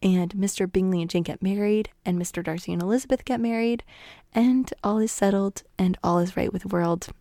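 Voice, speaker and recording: A woman's voice: mid-range voice, fairly even intonation, fairly quick, warm tone. A young woman gives a casual, chatty retelling of a story. She is playful, laughs often and slips into the characters' lines. The sound is dry and close, with no room echo. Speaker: guest summarizing a novel.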